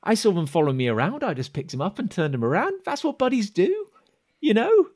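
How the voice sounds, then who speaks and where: A man's voice: sits high, wildly swooping pitch, a little fast, darkish tone, voice pushed up, full character voice. A man doing a cheeky, chummy rogue. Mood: wheedling. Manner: wheedling, blustery, chummy. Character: cheeky, matey male adventurer, chummy and shifty.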